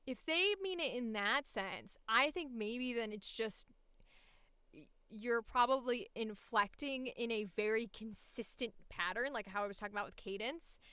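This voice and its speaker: A woman's voice: fairly high pitch, moderate pace, sharp tone, clean tone, dry recording. A woman voice actor chatting casually on a livestream, laughing often and swearing freely. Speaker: voice actor streamer.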